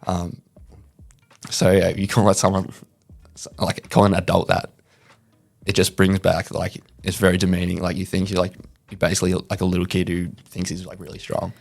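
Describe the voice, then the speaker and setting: A young Australian man, a guest on a casual chat show. His voice sits very low and gravelly and barely moves in pitch, and he talks in a relaxed way, filling his sentences with "like". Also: normal speed. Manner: laid-back, says "like" a lot.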